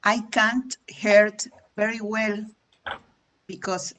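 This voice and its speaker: A woman's voice: medium pitch, little pitch movement, slow pace, fairly bright tone, slight background noise. A woman student hesitantly answering her teacher in an online class. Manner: hesitant, with fillers. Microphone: video call.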